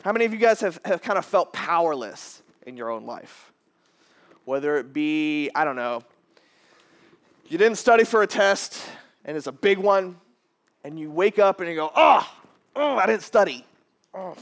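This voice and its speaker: A man in his thirties preaching a casual, animated sermon, jumping to loud high bursts when he acts out quotes. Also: moderate pace, pauses often. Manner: casual, repeats words as he restarts. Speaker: pastor.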